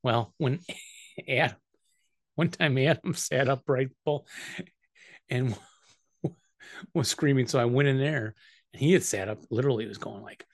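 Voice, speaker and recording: A man's voice: mid-range voice, measured pace, long pauses, no room sound, clean studio sound. A middle-aged man co-hosting a podcast, telling stories in an easygoing way and laughing often. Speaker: podcast co-host. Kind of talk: casual chat.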